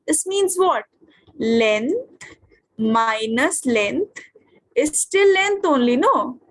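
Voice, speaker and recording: High-voiced Indian English woman teaching physics. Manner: questioning, checks understanding often. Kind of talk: online physics class.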